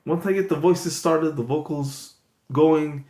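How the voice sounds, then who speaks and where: A man's voice: on the high side, a little slow. A man hosting an improv comedy stream, talking in a rambling, joking, loose way as he wraps up. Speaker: comedy channel host. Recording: echoey room, loud background noise.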